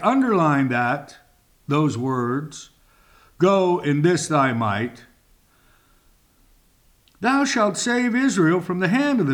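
A man preaching a sermon, reading scripture aloud and explaining it with dramatic emphasis, at times dropping to a whisper. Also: fairly high pitch. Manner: slow and deliberate.

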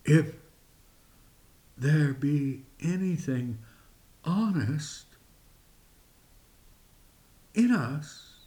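Very slow, high-pitched male preacher. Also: animated, dark tone. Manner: deliberate, emphatic preaching with long pauses. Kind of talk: sermon.

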